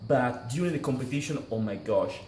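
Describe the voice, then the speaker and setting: A man plays a boastful blink champion who swears his eyes shoot lasers. He talks in excitable, mock-dramatic broken English at a middling pitch. The room around him rings with echo. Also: a little fast, slight background noise, close to an everyday voice. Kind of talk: mockumentary interview.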